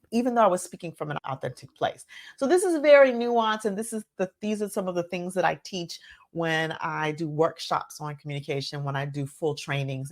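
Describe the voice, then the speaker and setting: A woman host giving a solo teaching talk, earnest and conversational, often checking in with her listeners. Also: low voice. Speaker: podcast host and physician.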